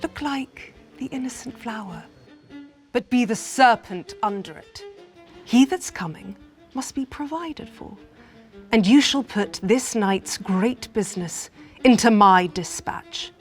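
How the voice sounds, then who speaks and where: A woman actor reciting a scheming villainess in Shakespearean style, slow and sinister. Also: on the high side, expressive, faint music behind.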